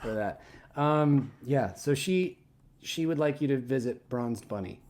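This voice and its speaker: A man's voice: mid-range voice, lively intonation, unhurried, darkish tone. A young man co-hosting a live show, reading fan mail aloud and stumbling over words. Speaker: co-host. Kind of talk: casual live-show banter.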